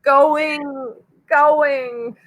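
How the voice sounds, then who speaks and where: Southern woman auctioneer, high and unhurried, upbeat bid calling. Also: fairly even intonation, rough recording. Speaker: auctioneer co-host. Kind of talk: live online auction calling.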